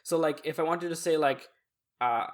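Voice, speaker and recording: A man's voice: on the high side, moderate pace. A young man co-hosting a podcast who explains ideas earnestly in casual chat, stopping to give examples. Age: young adult. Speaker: podcast co-host.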